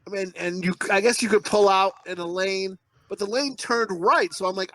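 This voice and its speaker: A man's voice: high voice, moderate pace, a bit bright, no room sound. A middle-aged man and podcast co-host telling rambling, profane, self-mocking stories in casual chat. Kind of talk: casual storytelling.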